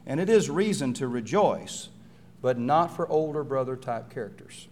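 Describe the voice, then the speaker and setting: A man preaching on a Bible story, with a middle-pitched voice. He often turns to his listeners with rhetorical questions. He briefly acts out the quoted lines as he tells the story. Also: expressive, normal speed, slight background noise. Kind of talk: sermon.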